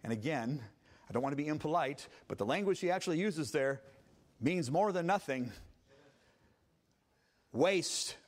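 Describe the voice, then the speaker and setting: A man preaching a Sunday sermon as pastor, emphatic and swinging between quiet passages and loud ones. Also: fairly high pitch, animated, fairly quick.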